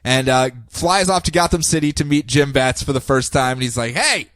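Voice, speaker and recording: A man co-hosting a podcast, casually recapping comic book stories in a jokey, animated way and dropping into silly voices. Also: mid-range voice, a little fast, no room sound. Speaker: podcast co-host.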